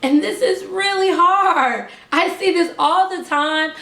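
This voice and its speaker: A young woman who teaches preschool speaks to parents in a high, bright voice. She talks slowly and over-enunciates each word, keeping the tone upbeat. The sound carries a roomy echo. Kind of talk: instructional talk to camera.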